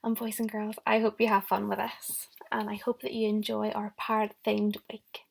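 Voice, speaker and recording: Gravelly-voiced woman teaching young children. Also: medium pitch, level tone, normal speed. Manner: encouraging, talks directly to the children. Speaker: primary school teacher. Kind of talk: recorded lesson for young children.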